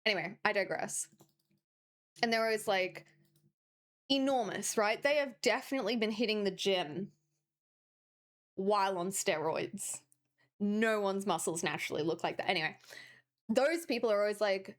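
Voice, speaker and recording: A woman's voice: medium pitch, normal speed, long pauses. A woman streaming a game, chatting casually with sarcastic, rambling asides. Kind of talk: casual gaming stream chat.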